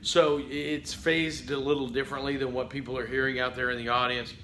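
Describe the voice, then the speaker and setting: A man teaching a public speaking class in a conversational lecture, often saying "okay" and acting out halting speech full of fillers. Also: mid-range voice, flat delivery, fairly bright tone, roomy sound, slight background noise, poor audio. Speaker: college public speaking instructor. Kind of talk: recorded lecture.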